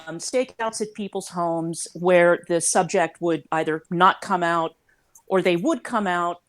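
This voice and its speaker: Woman guest commentator, lower voice, measured and emphatic, talks through restarts. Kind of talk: casual livestream chat.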